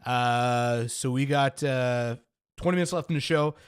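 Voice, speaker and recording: A man co-hosting a podcast, loud and laughing, swearing through casual banter. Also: mid-range voice, unhurried, clear, resonant tone, dry recording, clean studio sound. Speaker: podcast co-host.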